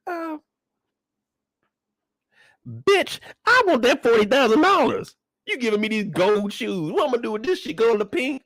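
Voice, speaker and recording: High-voiced young guy going off about a tv show, swoops all over, cussing a lot. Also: moderate pace, long pauses, no echo. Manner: loud, animated, profane ranting with big pitch swings. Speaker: channel host reacting to a TV episode. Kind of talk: casual reaction commentary.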